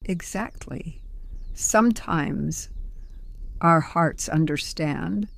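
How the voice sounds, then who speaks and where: Gentle, gravelly older grandmother storyteller. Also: sits low, steady tone, takes it slowly, dry recording. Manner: gentle, soothing. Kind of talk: slow scripted storytelling.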